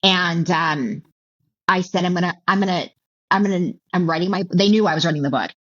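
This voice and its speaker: A middle-aged woman telling her personal story as an interview guest, halting and emotional, with many restarts and repeated words. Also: on the low side, fairly bright tone. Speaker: author and keynote speaker, guest. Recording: dull lo-fi audio.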